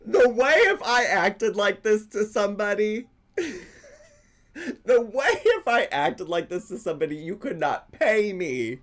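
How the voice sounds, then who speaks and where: A man's voice: high voice, sing-song, slow, a bit bright. A man hosting a reaction video, giving sarcastic commentary and laughing often between his remarks.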